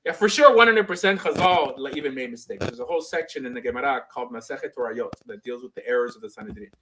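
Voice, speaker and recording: A man hosting a podcast, arguing in a casual, quick debate style full of fillers. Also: medium pitch, noisy background. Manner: quick, conversational, many fillers. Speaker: podcast host. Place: Miami Beach.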